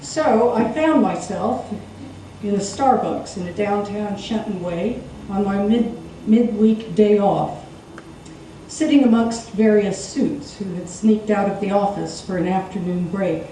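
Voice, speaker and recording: A woman performing a wry, expressive story reading live in a theatre. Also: medium pitch, measured pace, slight background noise. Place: theatre stage. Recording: echoey live stage, distant mic.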